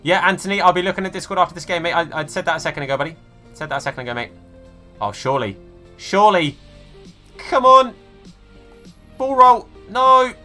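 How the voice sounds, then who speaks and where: A young man commentates his own football game on a live stream, swinging from yelling at his players to chatting with viewers. His voice is bright and ringing, sitting a touch high. Soft music plays underneath. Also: racing. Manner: excitable, shouts at the game, chats with viewers.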